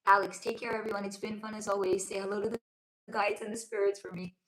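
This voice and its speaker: Quick-paced and level in tone, a woman's mid-range, fairly bright voice comes through a roomy, rough recording with a little hiss or hum. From a room at home, this Los Angeles livestream host and spiritual reader chats affectionately with viewers, reading comments aloud though her sore throat is costing her voice.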